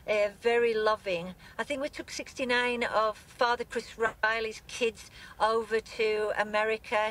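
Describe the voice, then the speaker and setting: Through poor audio, a tearful woman from England, English-accented and grieving, talks in a live news interview from a moving car, hesitating and leaving sentences unfinished. Her voice is a little high and a bit bright.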